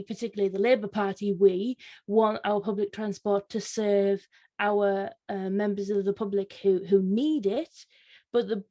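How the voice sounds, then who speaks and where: A woman talks through a political panel discussion. She hesitates often, filling gaps with ums and restarting her sentences, and her voice sits at a middling pitch for a woman. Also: warm tone. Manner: hesitant, many fillers and restarts, laughs easily. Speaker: panel guest, Labour councillor.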